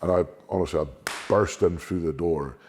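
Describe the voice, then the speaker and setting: A man, a strongman guest, telling stories candidly in an interview, sweary and animated, often repeating words. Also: deep voice, moderate pace, slight background noise.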